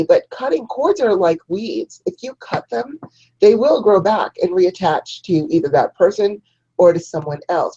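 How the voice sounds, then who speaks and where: A woman's voice: fairly low pitch, warm tone, husky, highs cut off. A woman hosting a spiritual talk show, teaching listeners step by step about energy work. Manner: instructive, guides listeners through a ritual. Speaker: host.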